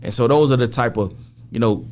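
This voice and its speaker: A man's voice: mid-range voice, brisk, a little hiss or hum. A middle-aged man as a podcast guest, telling a story in casual talk and acting out what others said, with plenty of swearing. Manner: animated retelling, acts out quoted dialogue, heavy swearing.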